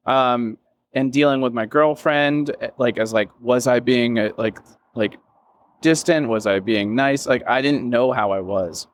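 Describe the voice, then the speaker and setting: There's a little hiss or hum as a man with a mid-range voice talks in an unhurried way. He's a business founder guesting on an interview, rambling and emotional in his candid reflections, full of fillers and self-quotes, with casual swearing.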